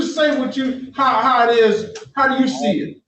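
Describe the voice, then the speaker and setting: A man's voice: extremely high pitch, fairly even intonation, normal speed, a bit bright, a little hiss or hum. A man in his fifties, a judge at a court hearing, reading case numbers and lecturing a defendant, stern but fatherly, with stammering restarts. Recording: echoey courtroom audio from far off.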